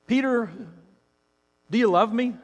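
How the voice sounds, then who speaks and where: A man voicing a gentle male teacher who asks a friend soft, probing questions. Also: very high-pitched, unhurried, pitched above the performer's own voice. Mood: tender. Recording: reverberant hall.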